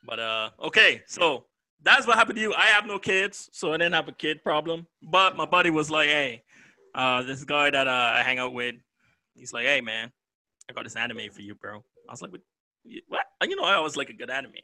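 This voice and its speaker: A young man co-hosts an anime podcast, chatting casually in a slightly high voice at a slightly fast clip. He laughs a lot and acts out his friends' words with animation. The recording is dry.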